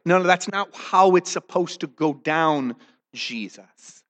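A man's voice: fairly high pitch, expressive, takes it slowly, a bit bright, big-room sound. A man acting out an indignant disciple who protests and argues with his teacher in a sermon. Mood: protesting. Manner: protesting, incredulous.

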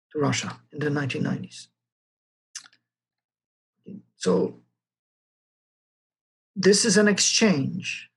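History lecturer, husky and slow, halting delivery with many fillers, recorded lecture. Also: medium pitch, poor audio.

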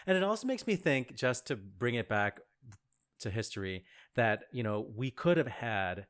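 A man's voice: mid-range voice, expressive, moderate pace, a bit bright, clean tone. A man co-hosting a podcast, chatting casually about opera with many fillers and easy laughs. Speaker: podcast co-host.

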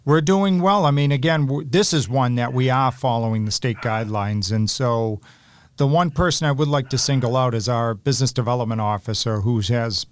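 A man who works as a city official, answering interview questions in a measured, explanatory, upbeat way. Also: mid-range voice, smooth.

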